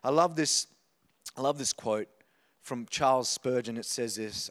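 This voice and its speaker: A man's voice: medium pitch, a little slow, fairly bright tone, in a large hall. A man, preaching a passionate sermon and telling a personal story. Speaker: pastor.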